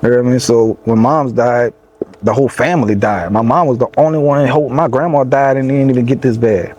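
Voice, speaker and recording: A man's voice: medium pitch, a little fast, darkish tone, muffled recording. A young man with a Louisiana accent, a rapper telling a personal story in a casual interview, loose and rambling, full of "you know what I'm saying". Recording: faint background noise.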